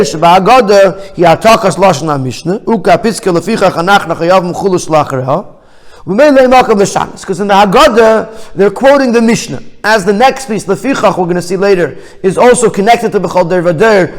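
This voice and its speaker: Male rabbi, higher-pitched voice, text-study lesson, reads then explains, long reverb. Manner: reads Hebrew phrases then explains in English, with restarts.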